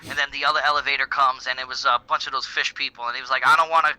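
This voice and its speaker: Animated, bright-voiced man telling stories. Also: medium pitch, rapid-fire, clear, resonant tone, poor audio. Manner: animated storytelling, acting out scenes in put-on voices, swearing. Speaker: podcast co-host. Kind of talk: casual chat.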